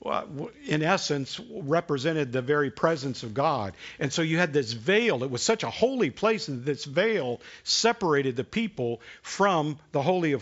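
A man preaching a sermon in a conversational way, asking the congregation questions and dropping to a hush for emphasis. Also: medium pitch, muffled recording. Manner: conversational preaching, rhetorical questions, dramatic hushed drops. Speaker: pastor.

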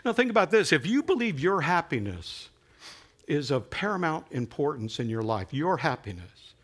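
A man preaching a sermon in a conversational, animated way, building to emphatic peaks. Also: fairly high pitch, moderate pace.

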